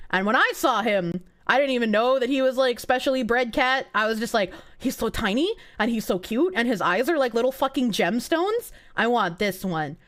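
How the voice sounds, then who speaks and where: A woman chatting live on a stream with her viewers. Her voice sits a bit high and swings widely in pitch, and she breaks into excited squeals. She talks in a gushing way and swears freely. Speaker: livestreamer. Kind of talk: casual live-stream chat.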